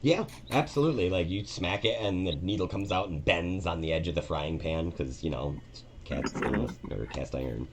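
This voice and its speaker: Deep-voiced male game master, relaxed narration, faint noise. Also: moderate pace. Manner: relaxed, filler-heavy narration.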